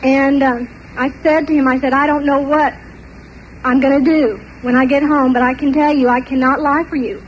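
An older woman telling a personal story in an animated way, often laughing between parts of it. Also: high-pitched, moderate pace, muffled recording, slight background noise. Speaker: testimony speaker.

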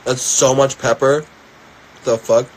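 A man's voice: mid-range voice, fairly even intonation, slow pace. A young man with a Philadelphia accent chatting casually and joking on a livestream, a little stuffy in the sinuses. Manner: rambling, joking, laid-back.

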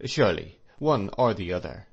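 A man doing a gentle, dreamy elderly schoolmaster. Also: mid-range voice, lively intonation, normal speed, highs cut off, voice pushed up. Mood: puzzled. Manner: gentle, mild, hesitant with little "uh"s. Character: kindly absent-minded elderly male schoolmaster.

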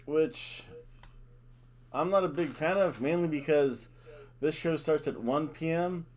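A middle-aged man hosts a casual wrestling predictions vlog with a playful showman's flair, dropping announcer-style catchphrases. His voice sits a little high for a man, and he talks at an unhurried, slow pace. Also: a little mellow. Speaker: host.

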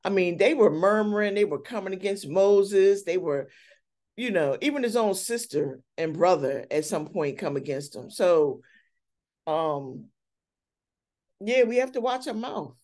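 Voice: mid-range voice, lively intonation, a little mellow. Earnest church elder in Bible study. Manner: earnest, candid, halting with restarts. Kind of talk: casual Bible study discussion.

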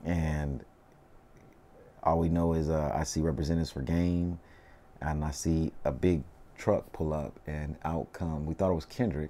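A man in his thirties with a Southern Californian accent, telling stories in a relaxed, slangy way during a casual interview, full of "you know what I mean". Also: extremely low pitch, normal speed, creaky, slight background noise. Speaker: interview guest, rapper.

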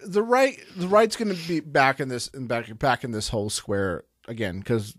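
A man with a mid-range, slightly bright voice hosts a casual podcast at a moderate pace, rambling loosely and restarting sentences as he thinks. The studio-quality recording has no echo.

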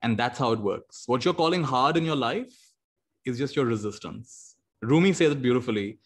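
Over a video call, a male meditation teacher gives an animated, story-driven motivational talk, frequently laughing and acting out quotes. His voice is medium-pitched and slightly rough, at a normal speed.

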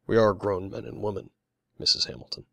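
A man's voice: fairly low pitch, expressive, brisk, vocal fry, no echo, studio quality. A man voicing a sneering young man who answers with sarcasm. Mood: sarcastic. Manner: snorting, sarcastic.

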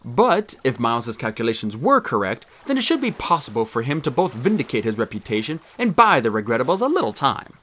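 Male narrator, expressive audiobook reading, bright tone, very animated. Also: medium pitch, brisk, hardly any pauses.

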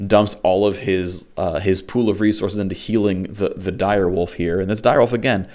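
A young man with a notably deep voice recounts a tabletop game session in a loose, rambling way. He piles on fillers and restarts, then jumps into animated quoted exchanges between players. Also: moderate pace. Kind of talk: casual storytelling recap.

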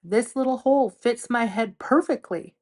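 A woman's voice: fairly high pitch, normal speed, pitched above the performer's own voice, natural voice. Woman voicing a carefree, sing-song storybook ox. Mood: cheerful. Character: cheerful, easygoing ox proud of his hat.

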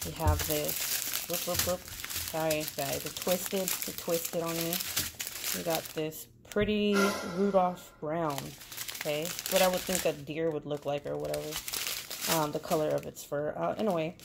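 A woman with a lowish, gravelly voice talks through an unboxing in a loose, chatty way, full of fillers. Loud crinkling and rustling of packaging sits right under her voice. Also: fairly even intonation, a little slow, noisy background. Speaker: crafting vlogger. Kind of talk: casual unboxing chat.

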